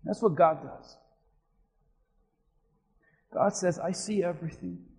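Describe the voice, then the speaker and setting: A male pastor with a very high voice delivers a lively storytelling sermon. He drops to a near hush, then climbs into shouting. The sound carries a long reverb from a large church sanctuary. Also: slow, slightly rough. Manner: animated storytelling, swings from hushed to shouting.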